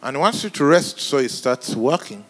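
Animated high-voiced preacher. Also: male voice, normal speed. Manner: animated, comic, shifts between shouts and hushed asides. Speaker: pastor. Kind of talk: sermon.

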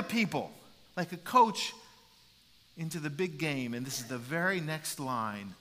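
A man preaching a sermon as a pastor, animated and repeating words as he builds his points. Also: fairly high pitch, unhurried. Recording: long reverb in a large hall.

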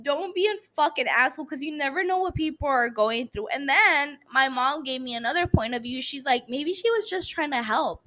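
A woman's voice: high voice, brisk, hardly any pauses, fairly bright tone. A tipsy woman hosting a podcast in casual chat, speaking English as a second language and ranting profanely with lots of energy. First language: not English. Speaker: podcast host.

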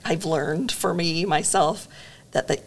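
A woman with a somewhat low voice hosts a conversational interview. She asks gentle, reflective questions and fills the pauses with frequent affirming murmurs. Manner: warm-hearted, frequent affirming backchannels. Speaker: podcast host, interviewer.

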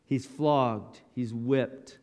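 A man's voice: mid-range voice, steady tone, very slow, darkish tone, long reverb tail. A male pastor preaching a sermon in short, dramatic, emphatic lines.

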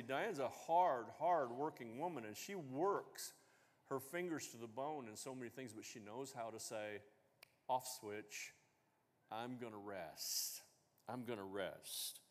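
A man's voice: medium pitch, long reverb tail. A man preaching a sermon as pastor, talking conversationally and asking the congregation questions. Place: church sanctuary.

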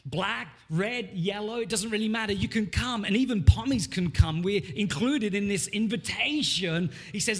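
A male pastor preaching a sermon in a church, animated and rising in emphasis when he reads scripture. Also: high voice, moderate pace, hardly any pauses.

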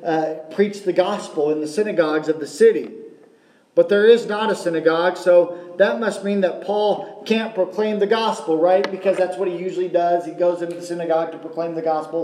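Preaching with a high, slightly mellow voice, this pastor repeats his key phrases and poses rhetorical questions to his listeners. His sermon is captured with a roomy echo.

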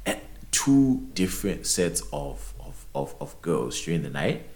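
A young man holds forth in a casual podcast chat, full of swearing and stumbling repeats. His voice sits low but leaps around with lively pitch. The room gives it a noticeable echo. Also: unhurried. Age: young adult. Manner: animated storyteller, swearing, many repeated words. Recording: roomy echo.

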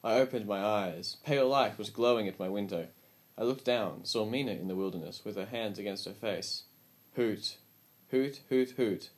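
A man reading a story aloud as an audiobook narrator, with calm, measured storytelling. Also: on the low side.

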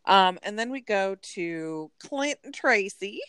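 A woman co-hosting a casual chat, animated and storytelling, full of "like" asides. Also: medium pitch, slow, clear, resonant tone, dry recording, clean studio sound. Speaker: podcast co-host. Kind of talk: casual chat recapping a reality show.

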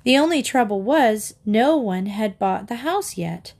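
A woman narrating a children's novel aloud with a steady, gentle reading manner. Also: fairly high pitch, unhurried. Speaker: storybook reader.

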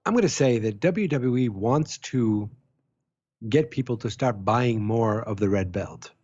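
A man's voice: medium pitch, animated, unhurried, darkish tone. Teasing man with a dull lo-fi sound. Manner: teasing, jokey, swears freely. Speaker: podcast co-host. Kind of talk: casual wrestling chat.

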